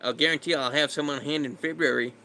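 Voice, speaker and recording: Bright, high-voiced casual streamer. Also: male voice, steady tone, fast talker. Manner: laid-back, chatty, greets viewers by name. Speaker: streamer reading chat. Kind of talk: casual live stream chat.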